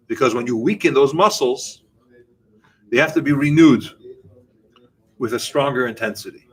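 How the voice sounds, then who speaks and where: A man teaching a Torah lesson with an animated style, asking questions and answering them himself. His voice sits in the middle range. He speaks directly to his listeners. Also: mid-range voice, poor audio. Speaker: rabbi. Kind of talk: Torah class talk.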